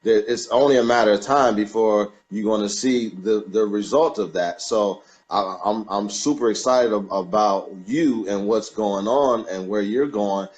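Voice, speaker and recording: A man's voice: fairly low pitch, a little slow, hardly any pauses, a little mellow, dull audio. A man as a guest on a live stream, giving emphatic and encouraging motivational talk. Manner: emphatic, encouraging, builds to a passionate peak.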